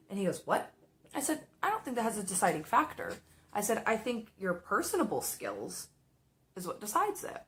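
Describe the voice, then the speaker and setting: A young woman does her makeup while casually recounting a story from her restaurant job, swearing and getting animated, putting on exaggerated voices for the people she quotes. Her voice is mid-range and brisk, with a slight hiss or hum in the background.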